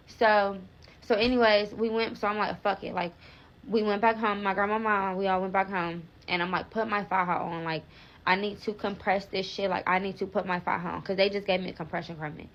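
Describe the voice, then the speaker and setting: A woman's voice: mid-range voice, fairly even intonation, a little fast, lo-fi sound. A young woman telling a rambling storytime, filler-heavy and swearing freely, with frequent restarts. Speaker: vlogger. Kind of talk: casual storytime vlog.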